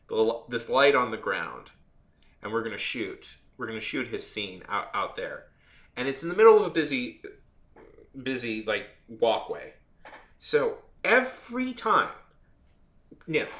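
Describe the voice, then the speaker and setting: A man's voice: mid-range voice, pushed and bright, echoey room. A man who works as a videographer tells a story in a casual, rambling rant, with many restarts and free swearing. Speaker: videographer and editor.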